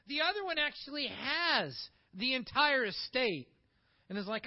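A man with a high voice delivers a sermon, swinging from emphatic, rising peaks to quiet asides. The recording sounds a bit dull and muffled. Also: animated, normal speed. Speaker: pastor.

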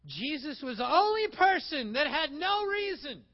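Male pastor, high-pitched and animated, preaching a sermon on a dull, muffled recording. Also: measured pace. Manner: animated preaching, acting out little dialogues.

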